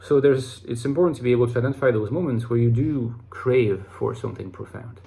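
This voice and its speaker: A man's voice: mid-range voice, a little fast, creaky, dark tone. Man musing aloud to his viewers. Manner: rambling, with many restarts and fillers. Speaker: YouTube host talking about personality types. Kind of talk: casual talk to camera.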